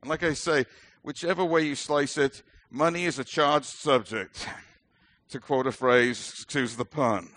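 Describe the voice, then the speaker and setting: Earnest British minister preaching. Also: male voice, medium pitch, a little slow, a bit bright, no room sound. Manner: earnest, emphatic, with light self-deprecating humor. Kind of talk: sermon.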